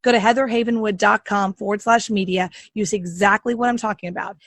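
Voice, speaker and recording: A woman's voice: medium pitch, steady tone, fast talker, no echo. A middle-aged woman podcast host coaching listeners in a sassy, emphatic monologue, repeating phrases for punch.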